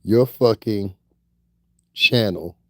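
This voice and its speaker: A man with a very deep, gravelly voice rants at his audience as a vlogger, taunting and swearing. He sounds dry and close, with no room around him. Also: extremely slow, a little mellow, no room sound. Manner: profane and taunting, breaks into laughter. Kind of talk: confrontational rant.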